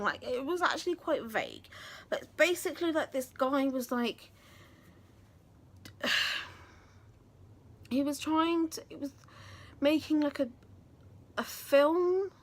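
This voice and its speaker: A woman's voice: high-pitched, a bit bright. A woman, telling a story in a casual vlog, chatty and self-mocking with some swearing. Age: 20s. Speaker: vlogger and actress.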